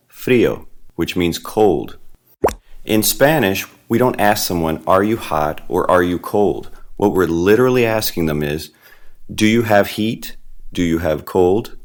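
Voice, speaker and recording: A man narrating a beginner language lesson, explaining patiently step by step and slowing down on the foreign words. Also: low voice. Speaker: Spanish teacher.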